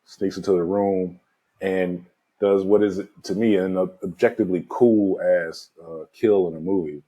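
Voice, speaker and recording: A man with a deep voice talks through a movie in a relaxed, conversational way. His tone is dark and mellow, with a husky edge. He recaps scenes loosely, leaning on filler words. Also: a little slow, highs cut off. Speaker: podcast co-host. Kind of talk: casual movie review chat.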